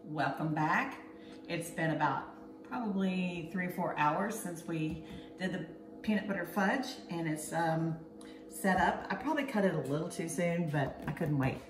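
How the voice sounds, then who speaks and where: In her home kitchen, a woman hosts a casual cooking demo, chatty and a little bossy as she walks through each step. Her fairly low voice moves at a normal pace over music, and the kitchen sounds echoey with clear background noise.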